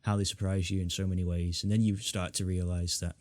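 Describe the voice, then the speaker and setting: A young man from the north of England, his accent mild and neutral. His voice sits fairly low and he talks in a loose, rambling way with plenty of restarts. The sound is close and dry, with no room around it. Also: level tone, a little fast, a little mellow, no echo. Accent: northern English. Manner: rambling, many restarts, puts on accents for fun. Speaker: podcast host. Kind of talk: casual chat.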